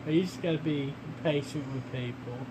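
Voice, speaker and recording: A man co-hosting a casual vlog with his fiancée, speaking calmly and hesitantly with many fillers. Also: a little high, normal speed. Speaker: co-host, the vlogger's fiancé. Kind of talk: casual chat. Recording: home recording with loud background noise.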